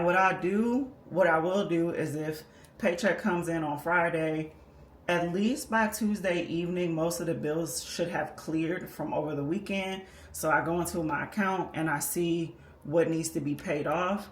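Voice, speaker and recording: Woman explaining step by step in an echoey room. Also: low-pitched. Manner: patient, methodical explaining while working on paper. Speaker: personal finance creator. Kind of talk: step-by-step budgeting tutorial. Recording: echoey room with faint background noise.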